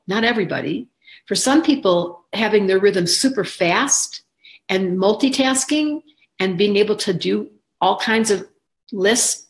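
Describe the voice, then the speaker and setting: A woman in her sixties, an astrologer and teacher, giving a casual talk to viewers in an expressive, rambling way, acting out the voices she quotes. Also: mid-range voice. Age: 60s.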